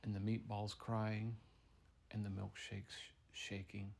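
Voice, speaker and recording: Slow, playful man making up a story. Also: on the low side, vocal fry, breathy edge. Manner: playful, drawn-out, hushed then excitable. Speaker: storyteller to a child. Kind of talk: improvised bedtime story.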